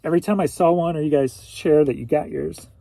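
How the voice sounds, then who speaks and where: A man's voice: fairly high pitch, a little fast, vocal fry, warm tone, no room sound. A man from St. Louis, Missouri, rambling through a casual solo reseller vlog, chatty and at times emotional. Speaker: reseller vlogger.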